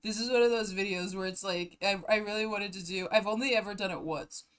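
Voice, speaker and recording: A woman's voice: medium pitch, fairly even intonation, brisk, clean tone. A young woman streamer chatting casually on a live stream, giggling and breaking into helpless laughter as she talks.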